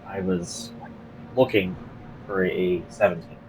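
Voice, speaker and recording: A man narrating as game master of a tabletop game, halting with many fillers and restarts. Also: sits low, steady tone, darkish tone, slight background noise, rough recording.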